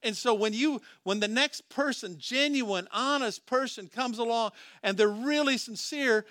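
A man's voice: extremely high pitch, measured pace, bright, forceful tone, no room sound, studio quality. A man preaching a sermon as pastor, talking to the congregation in a conversational way, with rhetorical questions and frequent restarts.

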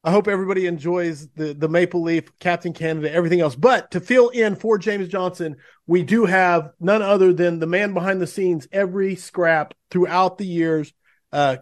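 A man hosting a podcast, reading guest introductions and sponsor plugs in an upbeat, gushing way with small fillers. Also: high-pitched. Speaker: podcast host. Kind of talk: show intro and sponsor reads.

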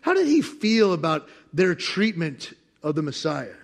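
A man preaching a sermon as pastor, animated and playful, acting out voices with bursts of laughter. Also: a little high, a little slow, vocal fry. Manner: animated, acts out God's voice with laughter.

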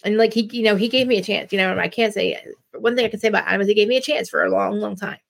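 Jersey-accented woman host, blunt, rambling live chat, mid pitch with vocal fry. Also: racing. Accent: New Jersey. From New Jersey. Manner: rambling, blunt, many restarts. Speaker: live-stream podcast host. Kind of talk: casual live-stream chat.

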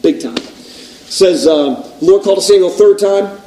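Chatty preacher, echoey hall. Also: male voice, high-pitched, moderate pace, mellow. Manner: conversational, self-deprecating, asks the audience questions. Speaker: pastor. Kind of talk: sermon. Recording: echoey room, distant mic.

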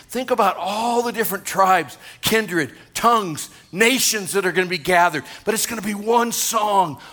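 A man preaching a lively sermon as pastor, excitable and joking with the congregation. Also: sits high. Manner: energetic, excitable, jokes with congregation.

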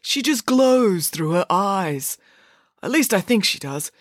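A woman's voice: mid-range voice, expressive, takes it slowly, no echo, studio quality, voice pushed up. A woman reading a storybook, voicing a large, earnest teenage schoolboy who is bashful and dreamy about love.

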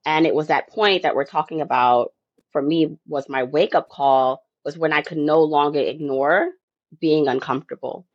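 A woman speaks as a podcast guest, unhurried and reflective, talking through her own experience. Her voice comes through a dull, muffled lo-fi line in a very dry, close-miked setting, with no room sound at all. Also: deep voice, no room sound. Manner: reflective, warm storytelling with light laughs. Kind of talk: conversational interview answer. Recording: dry, dull lo-fi remote audio.

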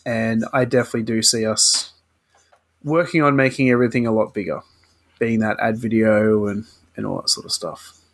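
A young Australian man co-hosting a podcast, chatting in a quick, friendly way. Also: fairly low pitch, steady tone. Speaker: podcast co-host. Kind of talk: casual podcast chat.

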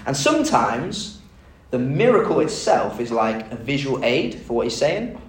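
A man preaches in a relaxed, conversational way, retelling the story and asking the congregation questions. His voice sits at an ordinary middle pitch. It carries the echo of a large room, picked up from a little way off the mic with a faint hum behind. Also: normal speed. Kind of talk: sermon. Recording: echoey room, mic at a distance.

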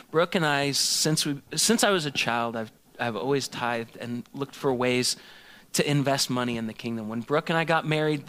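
A man's voice: medium pitch, a bit bright. A man in his thirties, a pastor telling a self-mocking personal story in a sermon and acting out both sides of a conversation.

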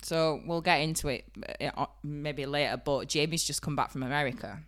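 A young woman with a broad Yorkshire accent, co-hosting a podcast in lively casual chat and laughing often. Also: sits low, brisk. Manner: animated, laughs often, bursts loud. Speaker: podcast co-host.

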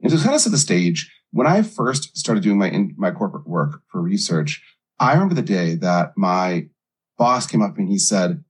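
A man's voice: low-pitched, sing-song, moderate pace, breathy edge. A middle-aged man, a life coach, earnestly telling his own story in an interview.

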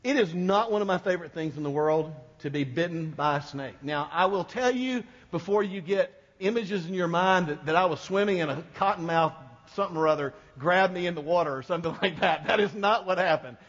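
Male pastor, high voice, casual storytelling sermon, dull recording with long reverb. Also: brisk, hardly any pauses, fairly bright tone. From American South. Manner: folksy storytelling, jokes with congregation.

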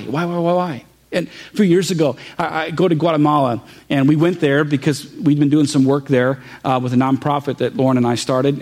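Earnest preacher with a slightly high voice. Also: male voice, darkish tone. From Saint Louis area, Missouri. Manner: earnest, halting with repeated restarts, rising to impassioned close. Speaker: pastor. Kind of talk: personal sermon testimony.

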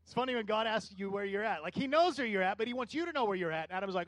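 A middle-aged man preaching a conversational sermon as a pastor, building into animated bursts. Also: high voice, very fast, dry recording.

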